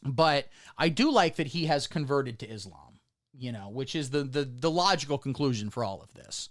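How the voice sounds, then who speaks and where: Sarcastic, lively comedy streamer man. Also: mid-range voice, moderate pace, dry recording, studio quality. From Ohio. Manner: irreverent, rambling, sarcastic. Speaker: livestream comedy host. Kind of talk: comedic livestream chat.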